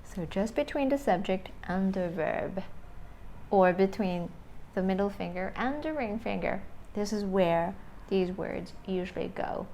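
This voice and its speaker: A woman teaching an English lesson on questions, speaking slowly and deliberately and modelling intonation with examples. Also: medium pitch, animated, mellow, a little hiss or hum. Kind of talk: video lesson.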